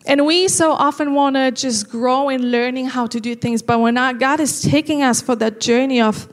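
A woman giving an earnest sermon, slowing down to stress key lines. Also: high-pitched, fairly even intonation. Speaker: preacher.

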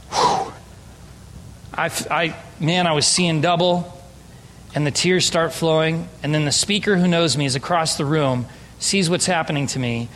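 A man's voice: a little high, fairly bright tone, a little hiss or hum. A man preaching an emphatic, story-driven sermon as a pastor. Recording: long hall reverb.

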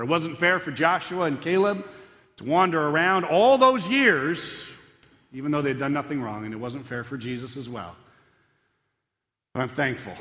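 A man preaching a chapel sermon as pastor, earnest, moving between emphatic stress and hushed prayer. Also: mid-range voice. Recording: long hall reverb.

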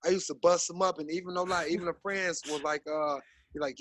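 A man in his thirties, a basketball coach guest on a podcast, talking in an animated, rambling way with many fillers. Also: a little high, fast talker, dry recording, rough recording. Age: 30s. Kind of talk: casual podcast interview.

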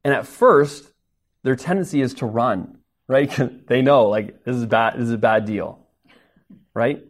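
A man's voice: mid-range voice, a little slow. A man preaching a sermon in a conversational way, often tossing in "right?" asides to his listeners. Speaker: pastor.

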